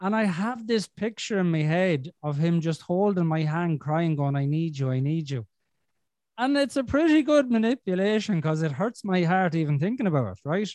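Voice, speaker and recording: A man's voice: sits high, animated, moderate pace, hardly any pauses, a little mellow, dry recording. A man hosting a podcast in casual chat, blunt and sweary with a self-deprecating streak. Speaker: podcast host.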